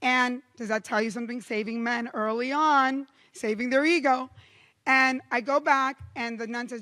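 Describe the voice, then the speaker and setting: A high-voiced middle-aged woman from Cuba delivers a keynote speech, telling stories with lively pacing and emphatic pauses. Her voice rings through a large hall with a long, lingering reverb. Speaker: keynote speaker.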